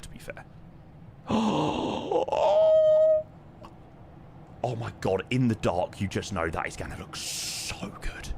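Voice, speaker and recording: On a live flight sim stream, a London-accented man chats casually, thanking viewers and reading their names and questions aloud before answering. His voice is medium-pitched with a fairly bright tone, over slight background noise.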